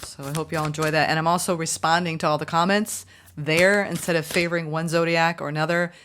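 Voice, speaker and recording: A woman reading tarot for her viewers, chatty and upbeat, often gushing with excitement. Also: low voice, a little fast, slight background noise. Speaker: tarot reader.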